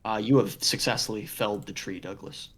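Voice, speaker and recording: A man running a tabletop game as game master, narrating with dry, deadpan descriptions. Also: lowish voice, brisk.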